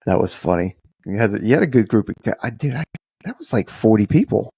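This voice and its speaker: A man's voice: on the low side, sing-song, fairly quick, creaky, mellow, breathy edge. A man co-hosting a podcast in casual, rambling chat, restarting his sentences often. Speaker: podcast co-host.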